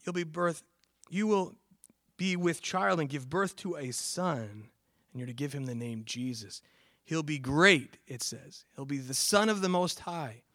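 A man's voice: a little high, unhurried, a bit bright, dry recording, clean studio sound. A man preaching a casual sermon with slides, talking conversationally with fillers and restarts, and rising into emphatic bursts on quoted words. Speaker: pastor.

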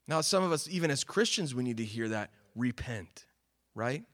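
A man preaching a sermon, earnest, swinging from emphatic calls to quiet, sober remarks. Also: mid-range voice, expressive, normal speed. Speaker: pastor.

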